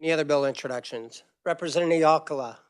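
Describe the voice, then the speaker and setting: A man with a smooth voice on the higher side runs a legislative committee hearing, keeping things brisk and procedural as he speaks into a table mic in the committee room.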